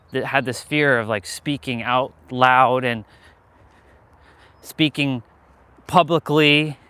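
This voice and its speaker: This is casual live-stream talk from a man on foot outdoors, filmed on a handheld gimbal camera. His pitch is medium and his tone fairly bright, and he speaks candidly and motivationally, cursing frequently.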